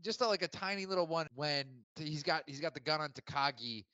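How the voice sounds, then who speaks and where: A man co-hosting a podcast, chatting casually and excitedly about a movie. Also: on the high side, fast talker, dry recording, lo-fi sound. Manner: animated, quotes movie lines. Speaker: podcast co-host.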